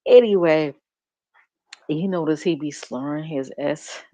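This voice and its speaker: A woman's voice: sits low, measured pace, warm tone, no echo. A woman streamer giving blunt, profane gossip commentary, mocking as she talks and laughing often. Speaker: reaction streamer. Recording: dull muffled stream audio.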